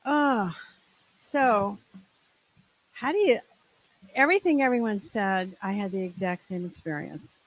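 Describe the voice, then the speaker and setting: A woman's voice: mid-range voice, expressive, measured pace, pauses often, poor audio. Candid older woman sharing wry stories. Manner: candid, humorous, exasperated asides. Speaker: group member sharing. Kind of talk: personal story at a group meeting. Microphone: handheld microphone.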